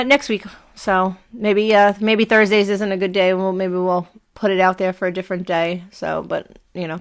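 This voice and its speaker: A woman's voice: medium pitch, a bit bright, smooth. A woman in her thirties with a Brooklyn accent, chatting on a live stream at home, rambling, laughing often and swearing casually. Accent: Brooklyn New York. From Brooklyn, New York.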